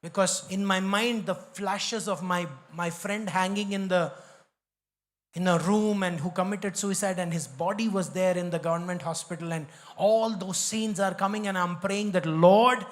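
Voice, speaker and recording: A man with an Indian English accent, a pastor preaching a sermon in an emphatic, repetitive way, slipping into Hindi. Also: high-pitched.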